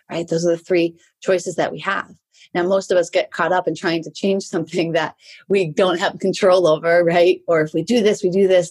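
Low-voiced woman coaching, chatty. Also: a little mellow, breathy edge. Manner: conversational, tags many sentences with "right?". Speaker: life coach. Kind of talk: solo motivational talk.

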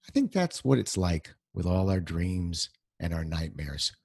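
A man with a very low, husky voice hosts a motivational podcast from home. He talks casually, with frequent fillers and restarts, and his pitch swings widely. The sound is close and dry. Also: big pitch swings, measured pace, a little mellow, no room sound. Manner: conversational, plenty of fillers and restarts. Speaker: podcast host. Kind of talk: solo motivational talk.

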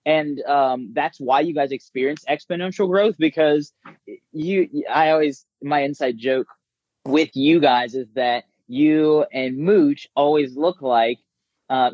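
A man who works as a business coach, talking casually and telling stories with lively impressions of others. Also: mid-range voice, no echo, highs cut off. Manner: animated storyteller, mimics voices. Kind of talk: casual conversation.

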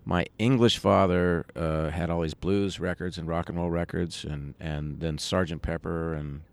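Male interview guest, deep gravelly voice, loose and rambling delivery. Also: fairly even intonation, normal speed. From United States. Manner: rambling, with many restarts. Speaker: musician guest. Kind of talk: conversational interview.

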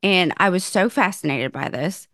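A woman in her thirties tells her story in a casual chat, lively and expressive, often jumping into a high, acted-out voice when she quotes herself or others. She swears freely and talks through close, dry studio sound with no room echo. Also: moderate pace. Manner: animated, acts out her own quotes with big pitch jumps, swears freely.

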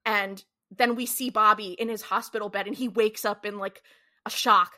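Speaking at normal speed with fairly even intonation, this woman has a bright, forceful mid-range voice. She co-hosts a podcast and recaps a TV episode in a relaxed, chatty way, saying "like" a lot and swearing freely.

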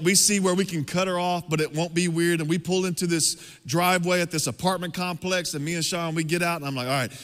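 A man preaching, telling a personal story in a lively, conversational way to his congregation. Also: on the high side. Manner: animated, conversational storytelling with laughs. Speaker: pastor. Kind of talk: sermon storytelling. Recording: long hall reverb.

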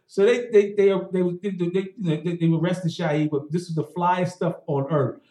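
A man tells lively stories, laughing and repeating his words as he goes. His voice sits high. The room around him is echoey. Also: normal speed. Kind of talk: casual storytelling chat.

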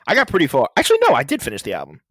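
A man's voice: medium pitch, wildly swooping pitch, very fast, a bit bright, dry recording, studio quality. A man co-hosting a podcast, chatting casually about new music, rambling with fillers and laughing as he goes. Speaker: podcast co-host. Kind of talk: casual music review chat.

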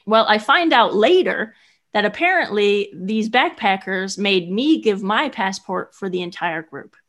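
A young adult woman, a guest and solo traveler, telling a story casually in an animated, chatty way full of "like" fillers. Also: medium pitch, unhurried.

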